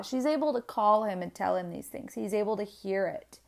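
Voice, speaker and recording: A woman in her twenties, a single mother, telling a personal story candidly and with feeling, her voice climbing higher and louder whenever she gets worked up. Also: moderate pace, creaky, hardly any pauses. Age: 20s. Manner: candid and animated, rising in pitch and loudness when upset, many restarts. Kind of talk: emotional personal storytelling to camera.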